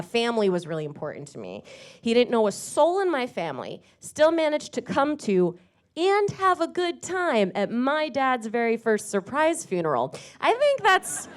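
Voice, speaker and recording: A woman comedian doing a stand-up set in a comedy club, delivering dark punchlines deadpan and teasing the crowd. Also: fairly high pitch, clean tone.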